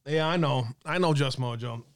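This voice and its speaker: A man's voice: mid-range voice, moderate pace, dry recording. A man hosting an online talk stream, ranting in a profane, exasperated way and reading out viewer comments.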